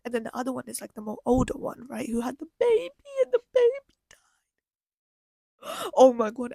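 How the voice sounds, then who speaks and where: A woman's voice: a little high, dark tone, no room sound. A woman ranting emotionally about a film in a casual vlog, rambling and full of fillers. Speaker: vlogger. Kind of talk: casual movie-review rant.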